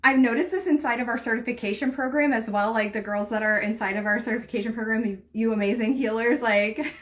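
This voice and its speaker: Casting note: a woman with a slightly high voice, warm and earnest, giving spiritual coaching on a live stream and peppering her talk with "like.". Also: steady tone, fast talker. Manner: earnest, heartfelt, leans heavily on "like" and "right?"; speaks direct encouragement to the viewer. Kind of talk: motivational livestream talk.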